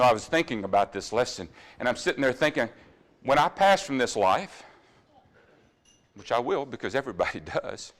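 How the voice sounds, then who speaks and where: A man preaching a sermon in a church, earnestly putting question after question to the congregation and dropping to quiet asides now and then. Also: mid-range voice. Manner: drops to quiet asides about running over time.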